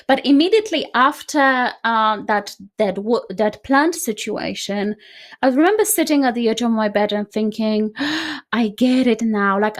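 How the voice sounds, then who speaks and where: A woman with a fairly high voice tells a personal story as a guest in a conversation. She talks in a lively, chatty way and keeps tagging her sentences with "right?". The delivery is informal and unscripted. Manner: animated, frequently adds "right?". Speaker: decluttering coach guest.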